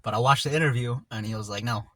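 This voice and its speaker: Eating on camera, this mukbang vlogger rambles through a casual story, slang-heavy and laid-back, frequently drifting off mid-thought. He speaks fast at medium pitch with a fairly bright tone, and the recording is dry.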